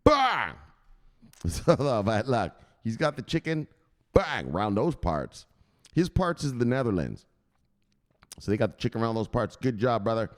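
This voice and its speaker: A man hosting a crypto news livestream, chatting with viewers in a loud, profane, excitable way. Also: mid-range voice. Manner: profane, excitable, shouting "bang!" often.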